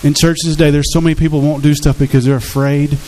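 A man's voice: a little high, flat delivery, fast, warm tone, poor audio. A man preaching a sermon as pastor, earnest and conversational, acting out quotes from his congregation.

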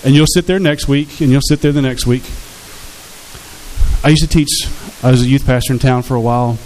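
A man's voice: medium pitch, fairly even intonation, fairly quick, a little mellow, rough recording. A man preaching a sermon as pastor, in a conversational way, often asking the congregation questions. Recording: faint hiss in the background.

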